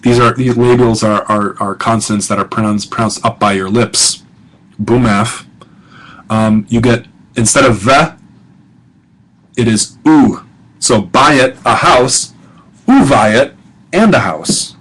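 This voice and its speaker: Man, middle-aged, professor, casual recorded lecture, mid pitch, chatty and informal, frequent fillers, drawn-out examples. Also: fairly bright tone, poor audio. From United States.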